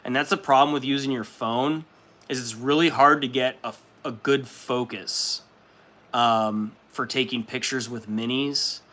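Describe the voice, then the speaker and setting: A young livestream host reads viewer comments in an unhurried, steady, mid-range voice that's bright and forceful. His hobby stream chat is laid-back, full of laughter and free swearing.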